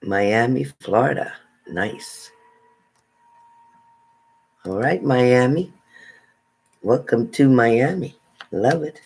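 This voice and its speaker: A woman's voice: a bass voice, extremely slow, vocal fry, long pauses, darkish tone, husky, poor audio. Chatty woman greeting live-stream viewers. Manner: chatty, reads out viewer names, stumbles over names. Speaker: tarot reader greeting live chat. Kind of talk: casual live-stream chat.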